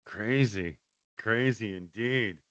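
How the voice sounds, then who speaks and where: A man hosting a casual livestream chat, excitable and freely swearing. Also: lowish voice, slow, dry recording, highs cut off. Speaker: host.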